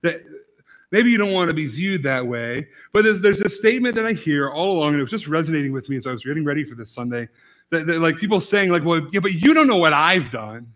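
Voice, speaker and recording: A man preaching a casual, conversational sermon as pastor, rambling with many restarts and swinging from quiet asides to sudden loud emphasis. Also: on the high side, animated, fast. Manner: rambling, repeats words and restarts often, fillers like "like" and "right?".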